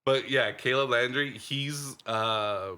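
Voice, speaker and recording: A man's voice: mid-range voice, slow pace, bright, forceful tone, smooth. A man co-hosting a podcast, chatting casually about a film in a rambling way with lots of fillers. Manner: rambling, heavy on fillers like "like" and "dude". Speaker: podcast co-host. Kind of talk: casual movie-review chat.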